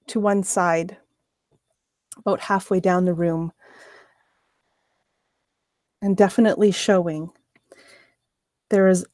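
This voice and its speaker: A woman's voice: mid-range voice, a little mellow, dry recording. A woman narrating as game master of a tabletop game, sometimes hesitant as she searches for words.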